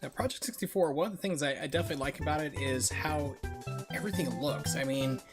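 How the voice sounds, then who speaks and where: A man with a slightly high voice talks fast into his headset while getting a live game stream ready. He chats and rambles casually, full of fillers, as video game music plays in the background.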